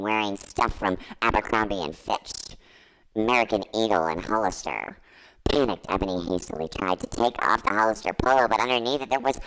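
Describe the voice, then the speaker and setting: A man's voice: on the low side, fairly bright tone, a little hiss or hum, poor audio. A man giving a comedic dramatic reading, mock-earnest with wry asides. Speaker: guest reader.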